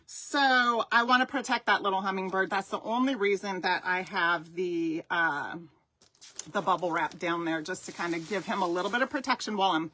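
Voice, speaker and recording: Middle-aged woman, craft instructor on a live stream, chatty and upbeat, mid-pitched voice, talks straight to her viewers. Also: sharp tone. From Southern California. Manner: chatty, enthusiastic, addresses viewers directly.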